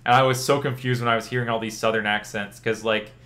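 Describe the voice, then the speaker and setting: A man's voice: medium pitch, quick pace. A young man from Louisiana, a streamer in casual chat with his viewers, talking in a loose, rambling way with lots of "like". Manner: chatty and relaxed, answers chat questions, says "like" a lot.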